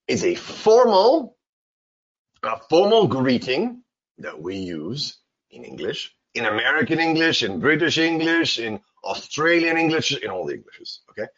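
A male English teacher talks in a casual, playful way and acts out short exchanges in silly voices. His pitch leaps widely, his voice is a little husky, and the recording sounds slightly dull and lo-fi. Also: fairly bright tone. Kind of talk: casual spoken English lesson.

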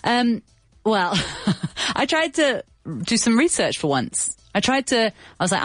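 A woman's voice: on the high side, sing-song, slow pace, dry recording, soft background music. A woman co-hosting a casual chat, teasing and explaining phrases playfully. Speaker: podcast co-host teaching English.

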